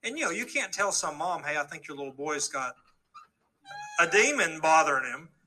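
Earnest man telling a bright-toned testimony. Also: on the high side, lively intonation, normal speed, faint music behind, rough recording. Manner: earnest storytelling, acts out quoted dialogue. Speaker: speaker giving a testimony. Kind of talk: testimony story told to a live audience.

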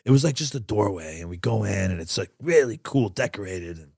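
A man from upstate New York, co-hosting a casual chat and telling a lively story, acting out other people's lines in a lower voice. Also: a little fast, creaky, slightly rough, dry recording, studio quality. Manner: animated storyteller, acts out quotes in a low voice. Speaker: podcast co-host.

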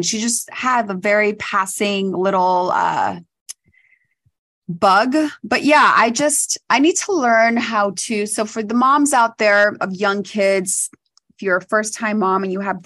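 A young woman co-hosting a podcast, telling stories in chatty, animated casual chat. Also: mid-range voice, measured pace. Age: young adult. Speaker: podcast co-host.

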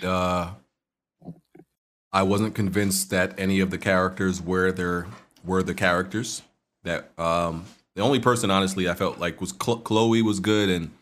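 A man with a fairly low voice, talking casually and unhurriedly on a podcast. He hesitates and restarts often as he gathers his thoughts. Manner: relaxed, hesitant, many fillers. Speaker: podcast co-host. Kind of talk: casual movie chat.

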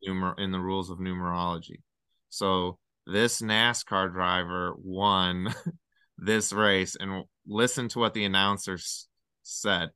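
Deep-voiced man rambling about number codes. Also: measured pace, clean tone, no echo, studio quality. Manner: rambling, excitable numerology theorizing. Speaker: podcast guest. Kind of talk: casual chat.

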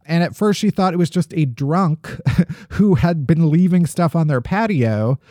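A man co-hosting a podcast, telling strange news stories in a jokey, animated way. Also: on the high side, unhurried, no room sound, studio quality. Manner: jokey, animated storytelling with laughs. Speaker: podcast co-host. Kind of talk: casual comedic news chat.

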